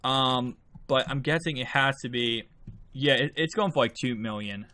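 A drowsy man talks his way through a video game match, rambling loosely and often trailing off mid-thought. Every so often he breaks into a quick excited outburst at a play. His voice sits at an ordinary middle pitch. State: sleepy, just woke up. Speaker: video game channel host. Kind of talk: casual gameplay commentary.

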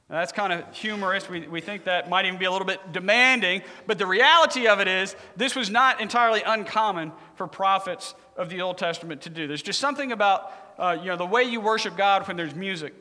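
Bright-voiced joking male preacher. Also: sits high, brisk, few pauses, big-room sound. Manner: joking, conversational, animated. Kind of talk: humorous sermon storytelling.

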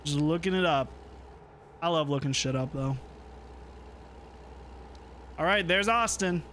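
Laid-back streamer man, higher voice. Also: measured pace, a bit bright, slight background noise. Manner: laid-back, swears casually, thinks aloud. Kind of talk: casual gameplay chat.

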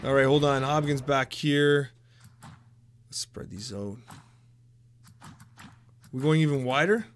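A man giving casual, excitable commentary over his own game, often mocking himself and groaning at bad plays. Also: mid-range voice, slow pace, long pauses. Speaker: gameplay commentator.

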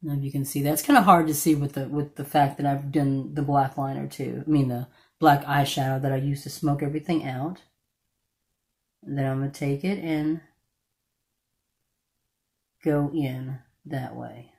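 A woman with a slightly croaky voice from allergies, chatting casually through a makeup tutorial and stopping now and then to correct herself. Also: extremely low pitch, fairly even intonation, moderate pace, pauses often, darkish tone. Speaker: beauty vlogger.

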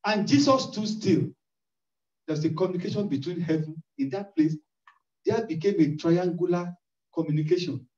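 Male preacher, very high voice, emphatic and repetitive, heard from far off in a dull church recording. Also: lively intonation, normal speed, darkish tone. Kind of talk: sermon. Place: church hall. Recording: echoey distant lo-fi church recording.

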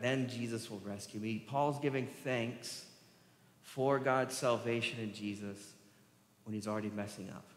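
A man's voice: mid-range voice, fairly bright tone. Male pastor, sermon delivery, impassioned with emphatic swells, church hall reverb. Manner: impassioned, rising to emphatic peaks when quoting scripture. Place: church sanctuary.

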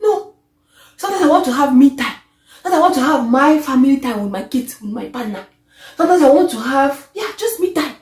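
A woman, vlogging an animated, exasperated rant to camera that often trails off. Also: sits high, brisk. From Africa. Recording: echoey room.

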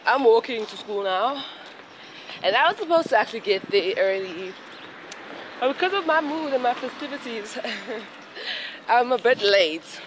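A young woman chatting casually in her vlog, excitable and rambling, with frequent giggles. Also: on the high side, measured pace, a little hiss or hum. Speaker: vlogger.

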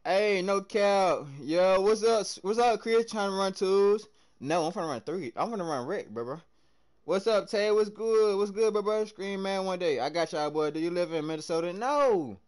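Hyped young Southern streamer, high voice. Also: male voice, moderate pace. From American South. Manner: hyped slangy chatter, swings loud and soft. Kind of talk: live game stream chat.

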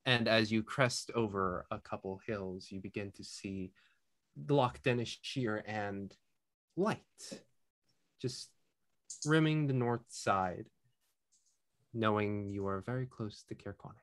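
Slow-talking male game master. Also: on the low side. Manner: relaxed, rambling, with fillers. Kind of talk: narrating a tabletop game.

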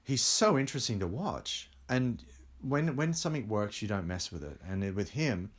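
A middle-aged English film director tells anecdotes in a relaxed interview, laughing as he goes. His voice is husky and on the low side, and he keeps a moderate pace as an animated storyteller.

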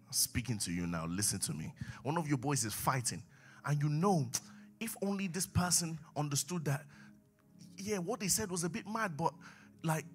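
Guy preaching, highish voice, gets loud and fired up then drops low, bit of music under it. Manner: emphatic, swings from low asides to raised exhortation. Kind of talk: sermon.

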